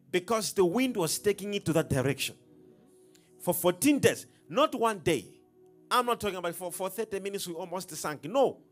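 Male preacher, high and very animated, emphatic call-and-response, faint music under. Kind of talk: sermon.

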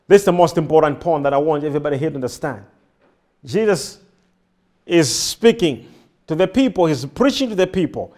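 A man's voice: high-pitched, expressive, normal speed. A man preaching a sermon to a congregation, repeating his phrases and firing questions back at the crowd. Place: church before a congregation.

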